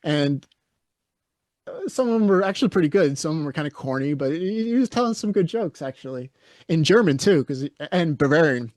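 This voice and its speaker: A man's voice: a little high, animated, brisk, darkish tone, dry recording, studio quality. A man co-hosting a podcast, chatting casually and telling stories in a blunt, opinionated way. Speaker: podcast co-host.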